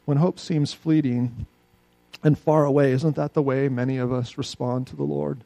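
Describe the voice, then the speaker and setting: A man preaching a sermon, swinging between loud, pleading outbursts and quiet, low asides. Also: steady tone, normal speed, vocal fry, dry recording. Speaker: pastor.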